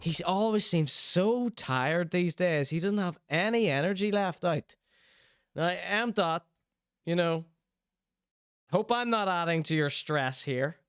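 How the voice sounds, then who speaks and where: A man's voice: high voice, expressive, takes it slowly, a bit bright, clean tone, dry recording, clean studio sound. A man hosting a casual show, reacting to clips with chatty, teasing asides.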